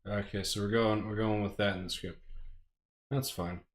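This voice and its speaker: A man's voice: on the low side, fairly even intonation, moderate pace. A man casually reading a movie script aloud on a live stream, hesitant and stammering, with frequent restarts.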